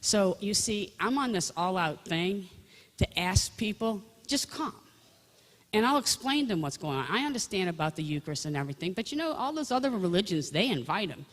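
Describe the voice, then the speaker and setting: An older woman talks in a chatty, rambling storytelling way, sharing faith anecdotes directly with her listeners. Her voice sits at an ordinary middle pitch. A long reverb trails after each phrase. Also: lively intonation, fairly quick. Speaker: Catholic speaker giving testimony.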